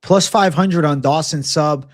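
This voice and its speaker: A man's voice: on the high side, unhurried, dry recording. Blunt, cursing man in a dry room. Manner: profane, blunt, reads out betting odds. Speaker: co-host of a fight betting show. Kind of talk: casual podcast chat, fight predictions.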